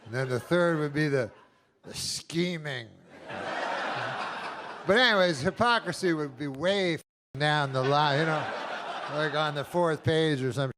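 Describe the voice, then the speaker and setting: A male stand-up comedian doing a club set, talking in a deadpan, halting way with drawn-out pauses, picked up by a handheld stage mic. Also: fairly high pitch, background noise.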